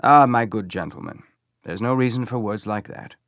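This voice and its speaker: A man voicing a calm, courteous and methodical police inspector in an audiobook. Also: on the low side, moderate pace, no room sound, clean studio sound, voice pushed up, close to an everyday voice. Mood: deliberate.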